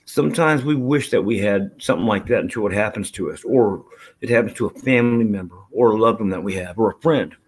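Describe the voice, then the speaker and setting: With a husky, lowish voice and a fast delivery, this man hosts a live stream, chatting casually with viewers and swearing freely. He wanders from one topic to the next and reads the chat aloud.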